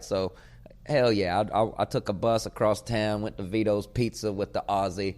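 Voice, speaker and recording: A man hosting his own podcast as a comedian, rambling in a profane, casual way and sometimes breaking into loud shouting. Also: on the low side, fairly even intonation, normal speed. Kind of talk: casual chat.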